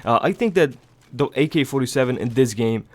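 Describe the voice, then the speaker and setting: A young man with a stuffy nose from a cold, giving rambling, casual gameplay commentary in a hushed low voice so he won't wake anyone at home. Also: animated, a little fast. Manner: hushed low voice to avoid waking others; rambling, many fillers, swears casually. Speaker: gaming channel host. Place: home, early morning.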